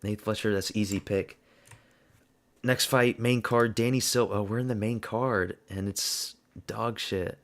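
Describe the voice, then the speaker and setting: An American man hosts his own channel, speaking in a lowish voice with vocal fry. He talks through casual fight predictions bluntly and ramblingly, thinking aloud as he goes.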